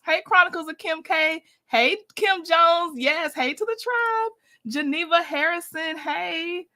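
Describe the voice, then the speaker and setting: A woman's voice: extremely high pitch, measured pace, pushed and bright. A woman hosting a casual live stream, upbeat and chatty, greeting viewers one by one and laughing often. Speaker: livestream host.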